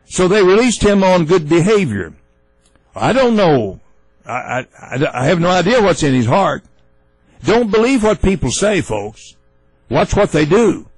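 A man hosting a talk radio show, giving opinionated commentary in a folksy, halting way with many fillers and restarts. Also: high voice, big pitch swings, breathy edge, no room sound, rough recording.

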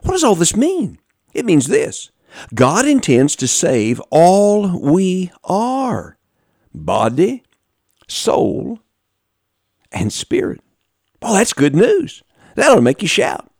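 A man's voice: huge pitch swings, slow pace, long pauses, a little mellow, dry recording, clean studio sound. A man preaching a sermon in a folksy, emphatic way, with many restarts, talking straight to his congregation. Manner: emphatic, with big pitch swings, repeats and restarts; folksy, talks directly to the congregation.

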